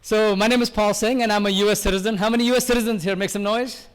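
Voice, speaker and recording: An older man from India doing a loud, fast-talking live stand-up routine, joking with the crowd at a variety show. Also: sits high, steady tone, smooth. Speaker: stand-up comedian.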